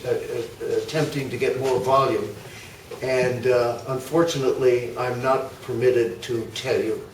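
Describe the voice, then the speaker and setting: An older man gives a rambling, anecdote-filled history talk to a club audience, slowly and with plenty of fillers. His voice sits at an ordinary pitch and comes from a distance in an echoey hall. Faint room noise hangs behind him. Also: fairly even intonation. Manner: chatty, anecdotal, many uh fillers and asides. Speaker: guest speaker.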